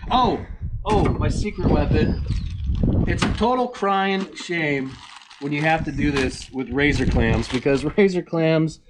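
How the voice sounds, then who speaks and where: A man's voice: fairly high pitch, noisy background. A man hosting a casual fishing vlog, chatty and joking at his own expense. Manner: chatty, joking, self-mocking. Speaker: fishing channel host.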